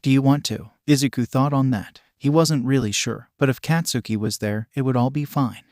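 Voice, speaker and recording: A man narrating a fan fiction story in an even, plain reading voice. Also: medium pitch, normal speed, dry recording, studio quality.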